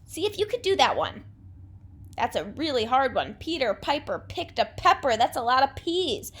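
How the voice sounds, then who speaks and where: A young adult woman teacher giving a remote class lesson, speaking clearly and patiently with an encouraging delivery. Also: high-pitched, sing-song, moderate pace, a bit bright, slight background noise.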